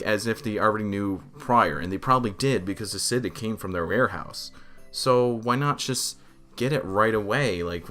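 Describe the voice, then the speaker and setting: A young man co-hosting a podcast, telling a story in animated, swear-heavy casual chat. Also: fairly low pitch. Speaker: podcast co-host.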